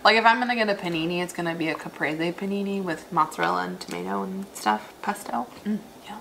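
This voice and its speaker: Bright-voiced young woman in a casual food vlog. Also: fairly low pitch, lively intonation, quick pace, a little hiss or hum, low-quality recording. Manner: dry, joking asides while eating. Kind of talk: casual food review chat.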